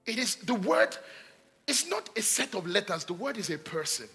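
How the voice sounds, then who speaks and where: A man preaching, his voice high and bright. He drives points home with repetition, rising to loud exhortation and then dropping to hushed asides. Soft music plays faintly underneath. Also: big pitch swings, moderate pace. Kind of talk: sermon.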